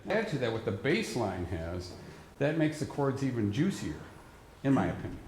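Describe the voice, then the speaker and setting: A man leads a band rehearsal as conductor, patiently explaining the music and singing rhythms aloud to the players. His voice sits at a middle pitch. It echoes around a large hall, with a faint hum of ambience behind it. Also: sing-song, moderate pace, a little mellow.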